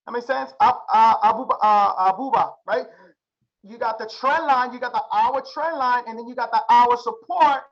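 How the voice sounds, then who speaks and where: A man's voice: extremely high pitch, moderate pace, a bit bright, dull audio. Hyped slangy male trading teacher. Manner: slangy, hyped, calls on class with repeated questions. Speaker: trading instructor. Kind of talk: live chart-reading class.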